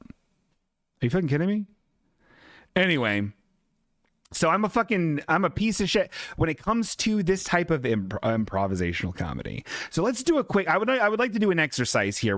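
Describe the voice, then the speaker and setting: A man's voice: mid-range voice, a bit bright, no room sound. Guy hosting a stream, bouncy up-and-down voice, rambly and sweary, dry close sound. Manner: rambling, self-deprecating, heavy swearing. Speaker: podcast host. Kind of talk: casual live-stream chat.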